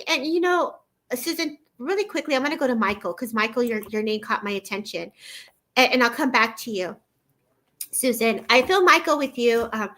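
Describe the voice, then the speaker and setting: A woman's voice: a little high, a bit bright. A woman psychic medium giving a live online reading, effusive and addressing viewers by name, with frequent repeats and restarts. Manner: repeats words and restarts, talks in a quick flowing stream.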